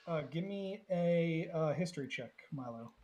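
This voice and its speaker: A man's voice: fairly high pitch, animated, normal speed, dark tone, dull audio. A man narrating as game master of a tabletop game, laughing often. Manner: laughs often, hesitant with fillers.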